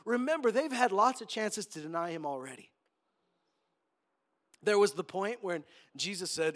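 A man preaching a sermon in an animated way, acting out the quotes with joking asides. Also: high voice, fast. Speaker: pastor.

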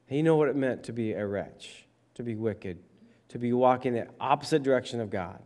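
Male pastor, sermon, middle pitch, conversational, emphatic. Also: normal speed, darkish tone. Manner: conversational, emphatic with checking questions. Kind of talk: sermon reading and explaining scripture.

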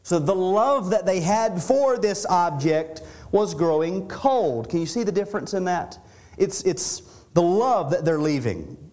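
Middle-aged pastor guy preaching, kinda high voice, earnest, trips over words and restarts a lot. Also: lively intonation, measured pace, a little mellow. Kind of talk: expository sermon.

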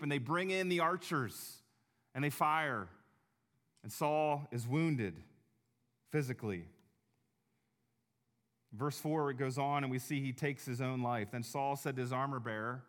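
A man's voice: mid-range voice, fairly bright tone. Earnest man preaching a sermon. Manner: earnest, slows down for emphasis. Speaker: pastor.

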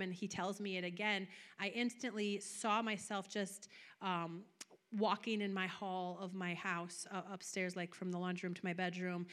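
A woman's voice: medium pitch, a bit bright. A woman preaching a sermon, telling a personal vision and a scripture passage with passion and rising emphasis. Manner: passionate, building to raised emphatic peaks.

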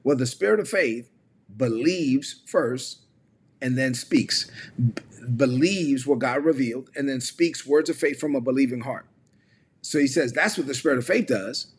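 A man's voice: mid-range voice, normal speed, breathy edge. A man teaching in sermon style, emphatic and repetitive, often acting out the people he quotes. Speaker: preacher and mentor. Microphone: online stream.

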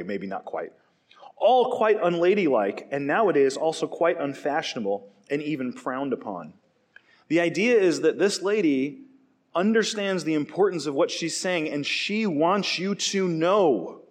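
Animated man preaching a sermon. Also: on the high side, measured pace. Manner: animated preaching, acts out quoted voices. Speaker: pastor.

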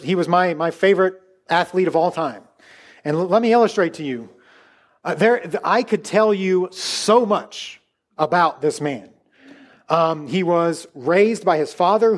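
Brief: male pastor with a high voice, chatty sermon delivery full of asides. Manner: conversational, with many restarts and asides.

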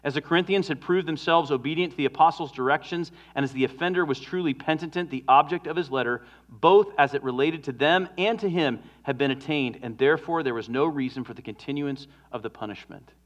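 A man preaching a sermon as a pastor, earnest, moving from emphatic stresses to hushed, drawn-out endings. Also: fairly high pitch, highs cut off.

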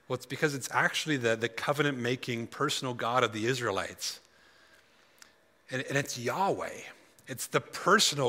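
A man giving a sermon as a guest speaker at a conference, reading scripture aloud with emphatic pauses. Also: a little high, sharp tone, big-room sound. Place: conference hall.

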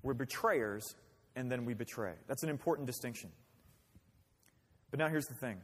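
A man's voice: mid-range voice, moderate pace, husky. A man pastor preaching a sermon in a conversational way, with rhetorical questions and acted-out quotes. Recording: long hall reverb.

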